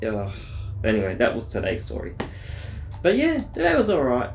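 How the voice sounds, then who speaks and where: A man's voice: mid-range voice, huge pitch swings, normal speed, creaky, echoey room. A man telling a daily diary vlog in a rambling, blunt, profane casual way. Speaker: vlogger.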